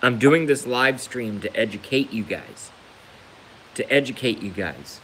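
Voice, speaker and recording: A man on a live stream delivers a heated personal rant in a voice of ordinary pitch. He keeps circling back, repeating phrases for emphasis, with a light hiss in the background. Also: expressive, a little slow, sharp tone, rough recording. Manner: emphatic and repetitive, hammering points home. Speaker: livestreamer.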